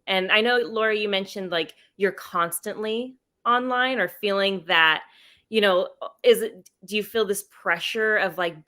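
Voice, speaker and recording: A woman's voice: mid-range voice, bright, forceful tone. A woman debut author moderating a panel, speaking earnestly and thoughtfully as she poses questions. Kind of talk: casual panel chat.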